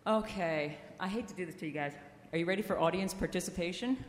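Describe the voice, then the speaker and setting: A woman's voice: fairly low pitch, fast talker. A woman singer teasing and coaxing a live audience between songs, in a playful, joking manner, heard through a stage microphone. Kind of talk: stage banter with a concert audience. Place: concert hall. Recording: echoey live hall with music.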